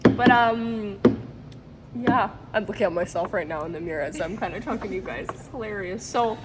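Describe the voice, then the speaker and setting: A woman's voice: medium pitch, moderate pace, heavy background noise. A woman talking to camera in a casual vlog, emotional and rambling, often breaking into laughter. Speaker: vlogger and product maker.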